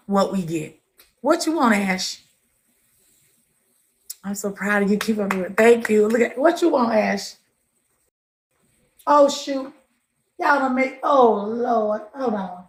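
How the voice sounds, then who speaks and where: A woman hosts a casual livestream and talks straight to her viewers. She greets them by name with pet names and keeps a chatty, familiar tone. Her voice sits at an ordinary middle pitch. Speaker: livestream host.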